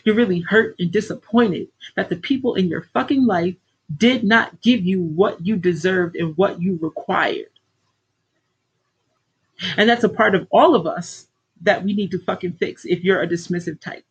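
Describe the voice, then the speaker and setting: Blunt, profane woman with a husky voice. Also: medium pitch, normal speed, highs cut off. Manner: blunt, heavily profane, preachy. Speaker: life coach hosting a livestream. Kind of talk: casual livestream pep talk.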